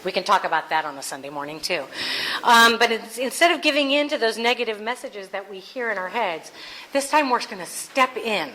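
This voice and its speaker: Woman, minister, sermon, casual and earnest, playful asides, bright tone, faint hiss. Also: mid-range voice, lively intonation, a little fast, low-quality recording.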